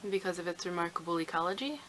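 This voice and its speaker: A woman reading the lines of a curt, tense woman scientist in a storybook excerpt, in her own low, bright voice. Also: expressive, racing, slight background noise, poor audio.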